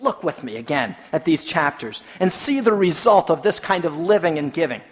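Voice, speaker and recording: A man preaching a sermon, telling stories with humor and swinging between soft, low remarks and emphatic, rising lines. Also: big pitch swings, normal speed, long reverb tail. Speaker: pastor.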